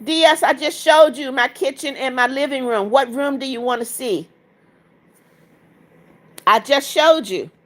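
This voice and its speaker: A woman's voice: sits high, a little slow, long pauses, a bit bright. A woman hosting a casual livestream from her apartment, chatting and reading viewer comments aloud as she shows viewers around. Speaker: livestream host.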